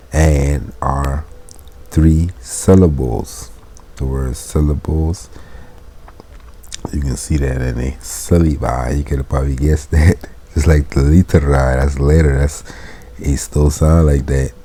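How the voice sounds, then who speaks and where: Deep, dark-voiced man, unhurried; reads Latin slowly, then explains it informally. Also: fairly even intonation. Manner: informal, chuckles while explaining. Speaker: Latin teacher. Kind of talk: casual Latin lesson.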